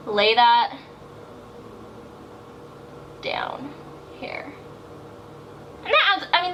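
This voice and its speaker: A woman's voice: sits high, pushed and bright. A young woman doing a chatty makeup tutorial voiceover from her bathroom, gushing and rambling with lots of "like". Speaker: beauty vlogger. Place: home bathroom. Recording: faint fan hiss. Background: bathroom fan noise.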